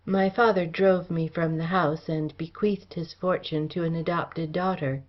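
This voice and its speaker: A woman reading the part of a smooth, guarded young gentleman heir in an audiobook, with courteous, old-fashioned speech. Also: low voice, fairly even intonation, unhurried, highs cut off.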